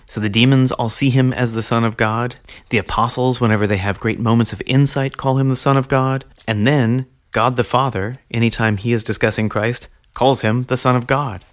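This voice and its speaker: A man hosting a teaching podcast, speaking in a measured, earnest way and slowing down to stress key phrases. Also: mid-range voice, steady tone. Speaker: podcast host teaching on early Christianity.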